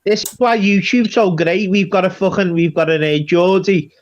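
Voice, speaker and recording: A man's voice: sits high, normal speed, lo-fi sound. A man on a livestream panel trading casual banter, laughing often and swearing freely.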